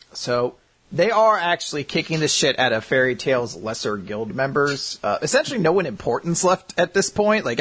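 Animated, husky-voiced man recapping. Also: mid-range voice. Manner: animated, profane storytelling. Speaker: podcast host. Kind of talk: casual anime recap. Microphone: computer mic on a video call.

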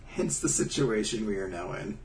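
A man's voice: on the low side, animated, moderate pace, gravelly, a little hiss or hum. A man co-hosting a casual comedic podcast, telling stories with a dry, wry touch. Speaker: podcast co-host.

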